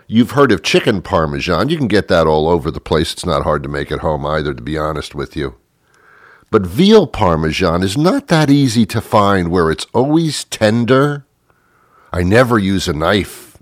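A man's voice: deep voice, dry recording, clean studio sound. Sarcastic man telling a comic story. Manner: sarcastic, self-mocking, lively rambling. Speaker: comedic storyteller. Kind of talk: comedic monologue.

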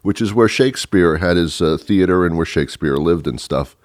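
A middle-aged man with a very low, deep voice rambles through a comic monologue. He puts on mock outrage and chuckles at his own asides. The sound is dry and close, with no room around him. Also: normal speed, no echo. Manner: mock-indignant, chuckling, meandering. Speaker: podcast host.

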